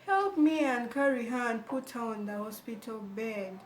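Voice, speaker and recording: A woman's voice: on the high side, moderate pace, slight background noise, lightly acted. A woman imitating a nagging, dismissive male hospital doctor in a drawling, sing-song way, in an echoey room.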